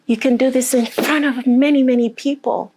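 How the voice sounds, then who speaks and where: A woman speaking as a motivational speaker, telling a personal story with emotion and then guiding a group through deep breaths and affirmations. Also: fairly even intonation, moderate pace, warm tone, slight background noise. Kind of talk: motivational talk to a live group.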